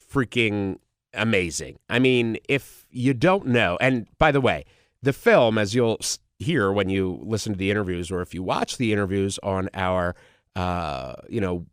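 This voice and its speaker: A man with a cold hosts a podcast in a relaxed, unhurried way, his voice nasal and congested. He rambles with eager asides and "you know"s. The sound is smooth and clear, very close and dry. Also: lowish voice, no room sound. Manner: chatty, enthusiastic, many fillers. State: congested, under the weather. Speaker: podcast host. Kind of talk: casual solo podcast talk.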